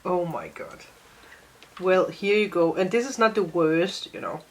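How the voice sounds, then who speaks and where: A woman's voice: on the low side, a little slow, a little hiss or hum. A woman chatting casually and playfully on her vlog, laughing often, recorded at home by candlelight. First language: Danish. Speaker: vlogger host. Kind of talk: casual chat. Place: dim room by candlelight.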